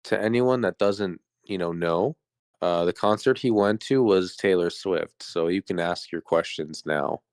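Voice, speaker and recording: A man's voice: sits low, a little slow, no room sound, clean studio sound. A man co-hosting a casual podcast chat, teasing his friend and explaining himself patiently. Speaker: podcast co-host.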